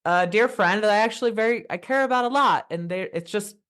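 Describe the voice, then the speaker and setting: A woman's voice: mid-range voice, brisk, a bit bright. A woman in her thirties, a podcast guest, talking passionately in casual conversation, often restarting her sentences. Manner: passionate, fired up, rambling with restarts.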